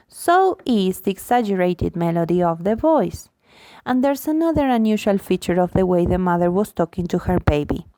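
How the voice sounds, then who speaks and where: A woman lecturer reading a book chapter aloud in an expressive, lively way, acting out the examples. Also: medium pitch, no echo. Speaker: linguistics lecturer.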